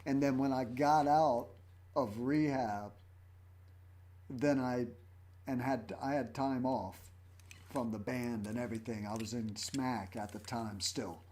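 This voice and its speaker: Slow, rambling man in his fifties. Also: mid-range voice, fairly even intonation, mellow. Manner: rambling, anecdotal storytelling. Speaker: host and rock drummer. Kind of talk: casual livestream chat.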